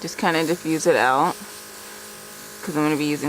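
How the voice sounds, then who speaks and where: With a deep, steady voice and a brisk pace, this makeup vlogger walks through a tutorial on her channel, a little breathless. She's chatty, laughs a lot, and leans on "like" and "kinda," with slight background noise behind her.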